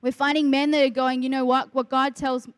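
With a high, level voice and a brisk delivery, the middle-aged woman from ministry relates her faith testimony conversationally. She quotes the people involved, and there's no room sound.

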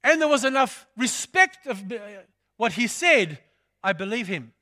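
A man's voice: very high-pitched, very animated, a little slow, sharp tone. An older man from England preaching a sermon, telling stories and repeating phrases for emphasis.

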